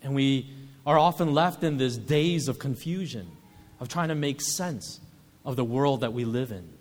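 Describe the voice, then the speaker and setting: A man preaching a sermon as pastor, measured and reflective, often pausing with filler sounds. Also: mid-range voice, expressive, in a large hall.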